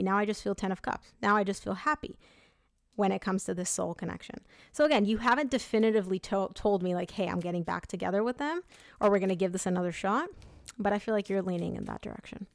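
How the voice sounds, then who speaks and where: A woman's voice: medium pitch, dry recording, studio quality. A woman giving a chatty, upbeat tarot reading, talking straight to her viewers. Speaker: tarot reader.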